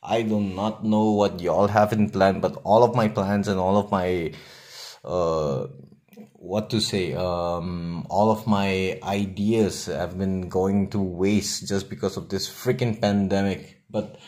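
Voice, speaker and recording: Young guy w a nagaland accent, low voice, swears a lot, defiant solo podcast rant, pauses a lot. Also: fairly even intonation, a little mellow. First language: Nagamese. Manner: blunt, profane, defiant, with long pauses. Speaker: podcast host.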